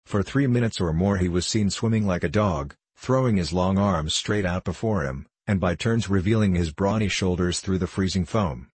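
Deep, husky male audiobook narrator. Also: normal speed, few pauses, a little mellow, dry recording. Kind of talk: first-person classic novel reading.

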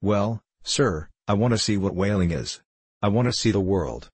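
A man's voice: fairly low pitch, expressive, normal speed, darkish tone, breathy edge, no echo. A man voicing a polite, earnest young man seeking a whaling berth in an audiobook, answering respectfully.

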